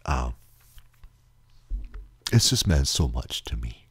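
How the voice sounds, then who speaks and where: A man with a very deep, husky voice hosts a solo podcast. He rambles earnestly, trips over repeated words and sounds close to tears. The recording is dry and close to the mic. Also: expressive, normal speed, a little mellow, no echo. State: near tears. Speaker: podcast host.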